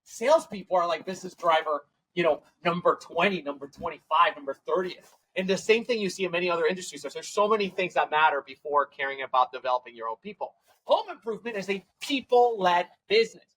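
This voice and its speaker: A man, a tech company CEO, telling stories as a guest in a casual podcast interview, acting out quoted dialogue with quick, run-on phrasing. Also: high-pitched, lively intonation, bright, forceful tone, rough recording. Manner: fast, run-on phrasing with restarts.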